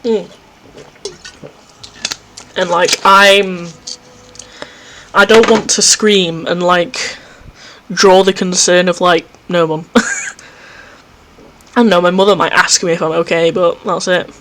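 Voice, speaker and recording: A man's voice: sits high, little pitch movement, slow, pauses often, pushed and bright, slight background noise. A man hosting a let's play from home, reading a visual novel aloud and cutting in with jumpy, self-mocking asides. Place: home recording setup.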